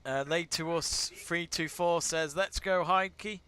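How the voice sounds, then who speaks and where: A chatty British man co-hosting a live sports watch-along, reading out viewer comments and laughing easily. His voice is bright and smooth, with a slightly raised pitch. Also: fairly even intonation, slow. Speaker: live stream co-host. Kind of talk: casual watch-along chat.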